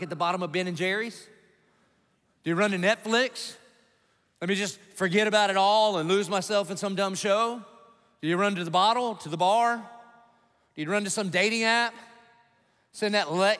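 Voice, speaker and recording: A man's voice: high-pitched, fairly bright tone. A male pastor preaching an emphatic sermon, driving his points home with punchy rhetorical questions to the congregation. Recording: long reverb of a large hall.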